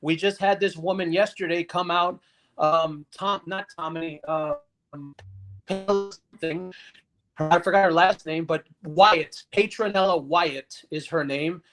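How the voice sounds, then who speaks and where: A man with a high voice speaks as a guest on a live stream. He rambles along in a casual, chatty way. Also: steady tone, slow pace, fairly bright tone, faint music behind. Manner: conversational, rambling.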